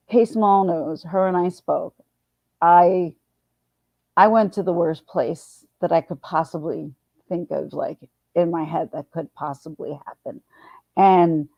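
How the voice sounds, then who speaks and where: A woman's voice: lowish voice, warm tone, no room sound. A middle-aged woman, chatting casually on a livestream, rambling with many restarts. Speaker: livestream host. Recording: dull, dry lo-fi sound.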